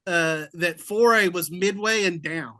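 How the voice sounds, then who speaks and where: A man hosts a relaxed sports chat in a high, bright voice. He laughs easily and keeps the conversation moving. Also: a little slow. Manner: lively, laughs easily, hands the floor to guests. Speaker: podcast host, sports editor. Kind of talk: casual chat.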